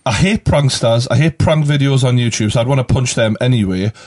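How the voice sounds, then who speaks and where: A man's voice: medium pitch, fairly quick, darkish tone. Man from northeast England, podcast host, blunt sweary banter. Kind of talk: casual banter.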